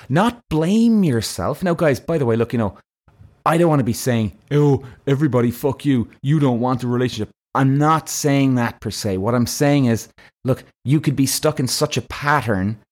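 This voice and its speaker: Blunt, profane podcast host. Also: male voice, medium pitch. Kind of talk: casual monologue.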